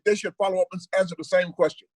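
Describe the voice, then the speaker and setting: An older male comedian chatting on a video call, ranting with animated, profane energy while holding his phone. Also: sits high, racing, dry recording. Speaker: comedian guest. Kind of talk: casual video call chat. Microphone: handheld phone on video call.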